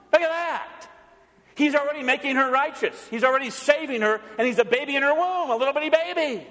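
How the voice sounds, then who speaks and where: A man preaching a sermon as pastor, animated, asking his congregation questions and getting them to answer. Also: high-pitched, in a large hall. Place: church sanctuary.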